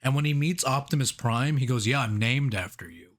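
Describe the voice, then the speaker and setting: A man co-hosting a casual movie review podcast, laughing often and restarting his sentences as he thinks out loud. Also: medium pitch, animated, a little fast. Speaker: podcast co-host.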